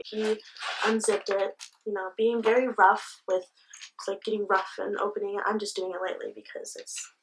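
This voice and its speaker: A woman's voice: mid-range voice, a bit bright, far from the mic, a little hiss or hum, rough recording. Candid young woman vlogger, off-mic. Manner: candid, swears freely, retells the scene with quoted dialogue. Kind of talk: casual storytelling vlog.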